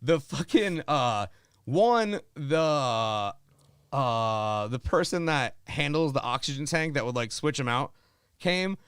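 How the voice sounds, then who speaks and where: A man's voice: mid-range voice, lively intonation, slow, fairly bright tone, clean tone, no room sound. A man from Florida, a stand-up comedian guesting on a podcast, telling casual comic stories in a profane, rambling way full of likes and dudes.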